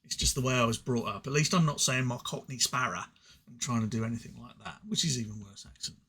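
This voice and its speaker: Speaking fast in a mid-range voice that's a bit bright and breathy, a man from England with an English accent reviews card game cards on his own. His casual delivery rambles, mocks himself, and often stutters into restarts.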